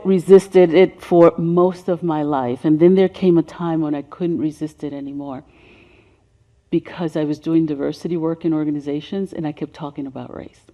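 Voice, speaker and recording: A woman of about seventy with a deep voice gives a seminar presentation on racial healing. She speaks softly and sinks to a whisper on emotional points. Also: muffled recording. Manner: soft-spoken, sinking to a whisper on emotional points.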